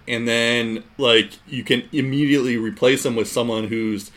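A man's voice: medium pitch, steady tone, measured pace, fairly bright tone. A man co-hosting a casual sports podcast, rambling with lots of fillers. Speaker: podcast co-host.

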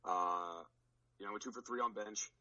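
A man's voice: fairly low pitch, fairly quick, pushed and bright, muffled recording. A man on a podcast recounting his powerlifting meet in a rambling, casual way, with many restarts. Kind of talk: casual chat.

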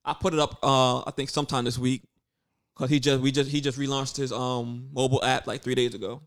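A man co-hosting a casual podcast chat, laid-back, giving shout-outs with plenty of fillers. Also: mid-range voice, level tone, fairly quick, clear, resonant tone. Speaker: podcast co-host.

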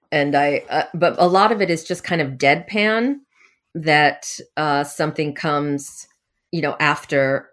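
Low voiced woman talking about her novel, dry humor, lots of little laughs. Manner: wry, self-deprecating, laughs often. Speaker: novelist guest. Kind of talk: casual interview answers.

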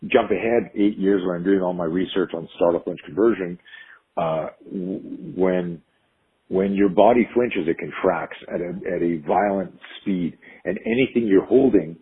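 A middle-aged man, a self-defense instructor and podcast guest, telling stories in an animated way, acting out the quotes and restarting his sentences often. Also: low voice, a little slow, slightly rough, narrow, tinny audio. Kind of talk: conversational storytelling.

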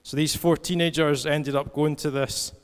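A man's voice: fairly high pitch, fairly even intonation, normal speed, smooth. A male preacher in a reverberant church hall. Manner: conversational storytelling with scripture reading. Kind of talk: sermon.

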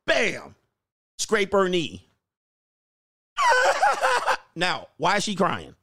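A man hosts a loose, casual commentary rant with a slightly higher-than-usual voice. He tells stories in an animated way and acts out the other characters himself. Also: creaky. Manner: animated storytelling, acts out voices, laughs often. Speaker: host.

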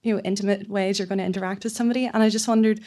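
A woman in an audience puts an earnest, slightly hesitant question to the panel. Her voice sits at a middling pitch. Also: fairly even intonation, rapid-fire, dark tone. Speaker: audience member asking a question.

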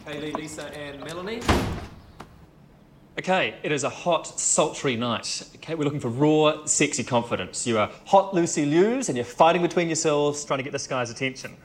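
A man playing a casting director in a comedy sketch, talking in a brisk, pushy and impatient way. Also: on the high side, animated.

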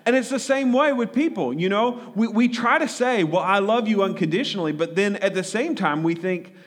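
A man's voice: sits high, lively intonation, moderate pace. A man preaching a conversational sermon, often repeating words and asking the congregation questions. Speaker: pastor.

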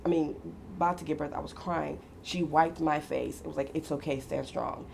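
A woman in her fifties with a low, gravelly voice tells family stories in casual conversation. She talks animatedly, slipping into other people's voices and laughing often. Faint background noise sits under her voice. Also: fairly even intonation, brisk, a little mellow. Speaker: guest mother.

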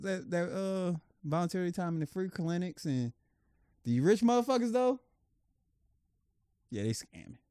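A man co-hosting a podcast in casual chat, animated and argumentative, swearing freely. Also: fairly high pitch, smooth, no echo, studio quality. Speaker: podcast co-host.

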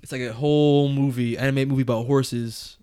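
A man's voice: medium pitch, steady tone, moderate pace, warm tone, smooth. A young man co-hosting a podcast, joking and laughing in a casual chat. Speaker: podcast co-host.

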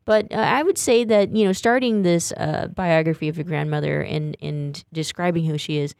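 A woman's voice: sits low, normal speed, creaky, a little mellow, dry recording, clean studio sound. A woman hosting a casual radio interview, talking hesitantly with many fillers. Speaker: radio host.

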